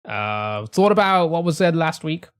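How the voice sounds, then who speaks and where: A man's voice: on the high side, very animated, measured pace, clear, resonant tone. Casual man chatting on stream. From England. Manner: rambling, swears casually, frequent restarts. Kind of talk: casual live-stream chat.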